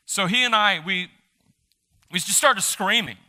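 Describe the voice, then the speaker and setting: A male pastor giving a live sermon in a church, animated and emphatic, joking with the congregation. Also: high-pitched, unhurried. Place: church sanctuary during a service.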